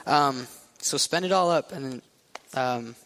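A man's voice: mid-range voice, unhurried, fairly bright tone, long reverb tail. A man preaching a sermon in a casual, conversational way, often checking in with "right?". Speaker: pastor.

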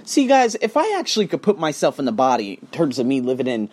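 A man ranting casually and profanely to his viewers, swinging between loud outbursts and hushed asides. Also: medium pitch, huge pitch swings, fast talker. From United States. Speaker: vlogger and online teacher. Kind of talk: casual profane rant to camera.

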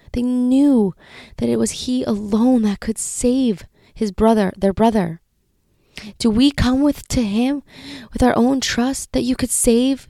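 A woman in her thirties hosting a faith podcast, speaking in an earnest, heartfelt way that often drops to a soft whisper. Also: fairly high pitch, vocal fry, dry recording, studio quality. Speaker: podcast host.

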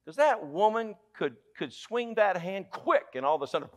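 A man with a Southern US accent preaching a sermon as pastor, emphatic and humorous, dropping from loud exclamations to hushed lines and asking the congregation questions. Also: high-pitched, very animated, normal speed. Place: church sanctuary.

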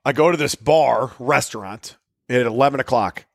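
A man co-hosting a podcast, in casual, profane banter. His voice sits at an ordinary pitch and sounds dry and close, with no room around it. He tells his stories in a loose, joking way. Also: normal speed, creaky, no room sound. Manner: swearing, storytelling, riffing. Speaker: podcast co-host. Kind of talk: casual chat.

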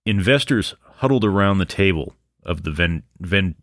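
Deep-voiced man, sarcastic true-crime host. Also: expressive, normal speed, dry recording, studio quality. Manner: sarcastic, profane asides. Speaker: podcast host. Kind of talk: true-crime narration with profane commentary. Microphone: microphone on a stand.

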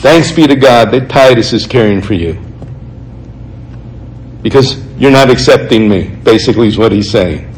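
A man preaching a sermon, reading scripture passages aloud and explaining them in an earnest, conversational way, slowing down to stress key points. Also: medium pitch, lively intonation, a little hiss or hum, low-quality recording. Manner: earnest, conversational, slows for emphasis.

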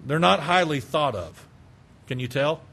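A male preacher delivering an expository sermon, slow and emphatic, stacking repeated phrases. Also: a little high, animated, vocal fry, a bit bright.

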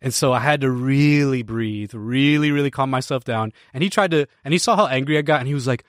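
An American man near forty tells a story with lots of animation, restarting sentences and laughing between thoughts. His voice sits at a medium pitch. It is recorded on a close mic in a dry space with no room echo. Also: fast talker, few pauses. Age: 30s. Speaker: podcast host. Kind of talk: casual storytelling to a live stream audience.

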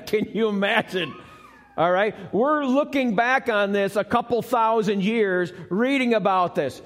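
A man preaching a sermon live in a church, talking conversationally and putting questions to the congregation. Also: sits high. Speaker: pastor. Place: church sanctuary, recorded live. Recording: long church hall reverb.

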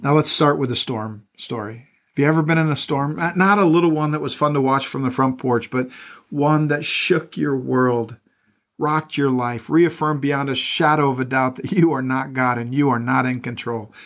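Brief: middle-aged man, pastor, sermon voice, reads scripture then adds earnest asides, mid-range pitch. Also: steady tone, normal speed, fairly bright tone. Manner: earnest, stops to add plain commentary, repeats words.

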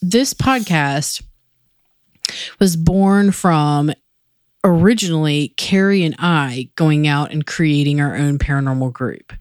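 A woman hosting a podcast, chatting casually, slow and drawling, swearing freely. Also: deep voice, darkish tone, clean tone, dry recording, studio quality. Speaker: podcast host. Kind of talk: casual chat.

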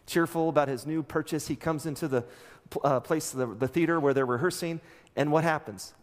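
A man preaching a sermon as pastor, telling stories in an animated way and acting out the characters' lines. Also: on the high side, fairly quick, long reverb tail. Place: church sanctuary.

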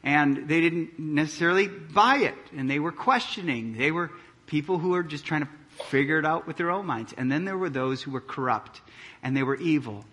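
A man preaching a sermon, reading scripture aloud and explaining it with animated emphasis. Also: a little high, normal speed. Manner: animated preaching, reads scripture aloud, drops to quiet intensity. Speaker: pastor.

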